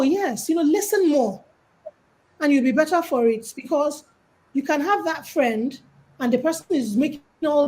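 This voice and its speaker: This Nigerian woman's voice is high-pitched and the audio quality is poor. Speaking as a guest on a call, she hands out easygoing advice about life and money, full of lively storytelling and dramatized quotes.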